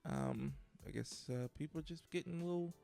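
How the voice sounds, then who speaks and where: A man co-hosting a podcast, reading entertainment headlines in a casual, halting way with many fillers. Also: on the high side, creaky, warm tone, faint music behind. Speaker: podcast co-host. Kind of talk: casual news chat.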